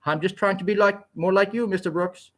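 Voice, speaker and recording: A man's voice: sits high, steady tone, brisk, fairly bright tone, voice pushed up. Man doing a chirpy, lilting young engineer. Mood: cheerful. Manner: happy, light, almost Swedish-sounding lilt. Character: cheerful plump young male engineer. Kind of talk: audiobook character voice.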